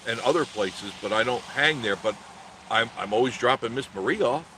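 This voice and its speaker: A man's voice: medium pitch, animated, normal speed, pushed and bright, a little hiss or hum. Rambling man telling a story in a car. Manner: rambling, with many restarts and self-corrections. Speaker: channel host. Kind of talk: casual storytelling vlog.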